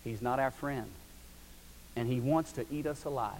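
A man's voice: mid-range voice, moderate pace, darkish tone, long reverb tail, a little hiss or hum, rough recording. A man preaching a sermon as pastor, telling stories in a folksy, emphatic way.

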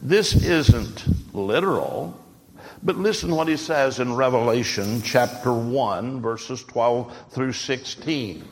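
Male preacher, mid pitch, emphatic sermon voice in a reverberant church sanctuary. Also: lively intonation, slow pace. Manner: emphatic preaching with rhetorical questions. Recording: long hall reverb.

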